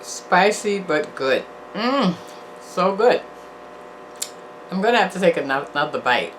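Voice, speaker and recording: Low-voiced older woman reviewing food. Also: very animated, measured pace, long pauses, background noise. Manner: chatty and encouraging, sometimes preachy and repetitive. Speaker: channel host, food reviewer. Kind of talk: casual food review vlog.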